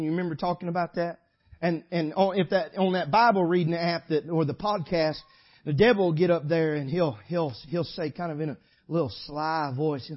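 A man preaching a sermon, shifting from loud exhortation to quiet storytelling. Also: a little high, slightly rough, highs cut off. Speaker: pastor.

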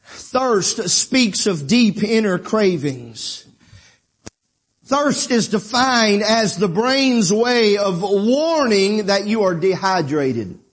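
A middle-aged man preaching a sermon, folksy asides building to shouted fervor. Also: high-pitched, big pitch swings, extremely slow. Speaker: pastor.

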